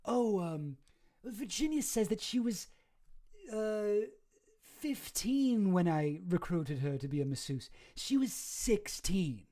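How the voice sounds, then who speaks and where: A man's voice: high voice, expressive, takes it slowly, warm tone, pitched above the performer's own voice. A man mocking a smug posh lady. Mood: dismissive. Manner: haughty, self-satisfied mockery. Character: smug posh upper-class woman boasting of her smarts.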